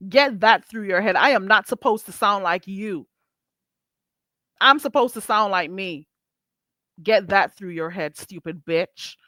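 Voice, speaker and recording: A woman's voice: mid-range voice, measured pace, long pauses, pushed and bright, dry recording. A woman hosting her own livestream, ranting bluntly and mockingly at a viewer. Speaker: channel host. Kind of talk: livestream rant.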